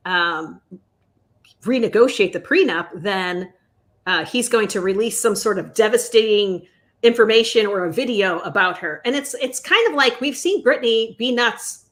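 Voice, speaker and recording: A woman co-hosting a casual news podcast, her voice bright and forward. She rambles through gossip, hedging with "allegedly" and filling pauses with ums. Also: mid-range voice, lively intonation. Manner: chatty, hedging with fillers and "allegedly". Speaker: podcast co-host.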